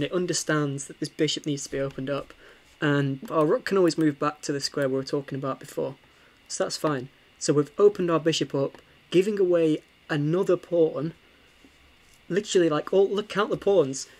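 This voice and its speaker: A young man, casually talking through a chess game for stream viewers, animated and full of ums and restarts. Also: on the high side. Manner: animated, with frequent fillers and restarts.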